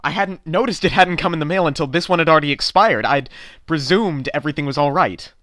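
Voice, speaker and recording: A man voicing an exasperated male customer in a radio-play style, flustered and stammering, sometimes breaking into shouts. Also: fairly high pitch, quick pace, no echo, clean studio sound, close to an everyday voice. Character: exasperated male customer, young adult, increasingly desperate. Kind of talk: amateur voice-over radio-play acting.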